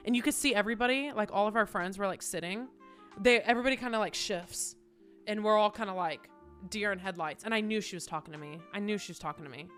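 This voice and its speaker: Animated woman streamer telling a story. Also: mid-range voice, brisk, faint music behind. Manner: animated, swears, acts out quotes. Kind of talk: casual storytelling.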